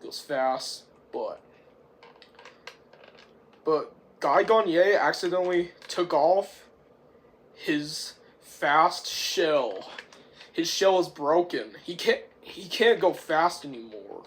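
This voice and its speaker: A young man casually recapping a movie's plot, rambling and excitable, swearing now and then and often clearing his throat. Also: fairly high pitch, slow, long pauses. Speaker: movie reviewer.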